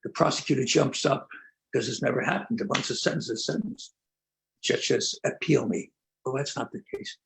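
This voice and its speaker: An older man, a rabbi, telling stories in an earnest conversational talk, pausing and restarting often. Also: medium pitch, animated, creaky, fairly bright tone. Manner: earnest storytelling with many pauses and restarts. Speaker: rabbi and prison outreach leader.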